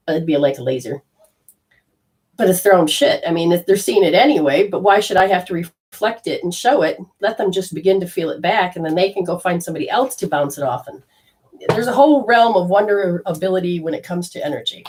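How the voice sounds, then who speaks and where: A woman giving a live channeling session as a spiritual medium, talking in a rambling, animated way that swings between loud bursts and hushed asides. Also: mid-range voice, brisk, low-quality recording.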